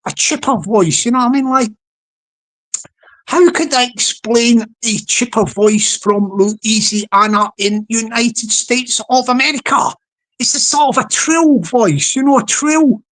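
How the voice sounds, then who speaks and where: Slow, rambling woman. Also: fairly high pitch. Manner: rambling, repetitive, chatty. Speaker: live streamer. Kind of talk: casual livestream chat.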